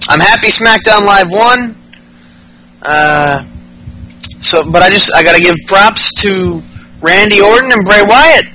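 A man with a high, piercing, very bright voice, talking loosely and crudely on a podcast. He mocks people and acts out their lines, jumping up in pitch when he imitates them. A faint hum of background noise sits under his speech. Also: poor audio. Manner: profane, mocking, acts out wrestlers' lines in raised voices. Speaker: podcast host. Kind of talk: casual wrestling recap chat.

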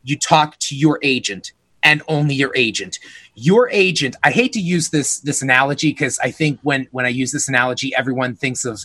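A man's voice: mid-range voice, brisk, bright, forceful tone, no echo. A man, a real estate agent co-hosting a podcast, explaining the steps to buyers in an earnest, advising way. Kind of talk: casual explanatory podcast talk.

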